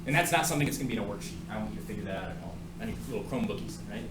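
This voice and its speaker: A man's voice: on the low side, animated, rapid-fire, heavy background noise. A man teaching a math class in a classroom, joking around and asking students many questions. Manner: jokey and playful, asks the class many questions. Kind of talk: classroom lecture. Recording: echoey classroom with faint ambience.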